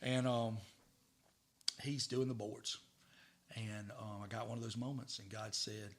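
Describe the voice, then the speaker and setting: A middle-aged man, a podcast guest telling stories in a lively way, repeating words as he goes. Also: on the low side, unhurried, long pauses. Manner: animated, stammering repeats, acts out dialogue. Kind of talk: casual storytelling.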